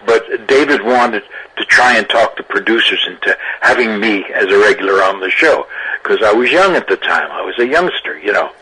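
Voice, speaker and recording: An older man, an actor, telling lively anecdotes in an interview, often laughing and restarting his sentences. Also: fairly low pitch, normal speed, breathy edge, low-quality recording. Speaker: actor guest. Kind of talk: interview storytelling.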